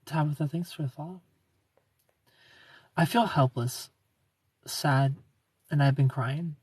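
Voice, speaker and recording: A man from Ohio hosting a casual livestream, reading viewer comments aloud in a soft, low-key way and slipping into quiet asides. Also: slow pace, slightly rough, no echo. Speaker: livestream host.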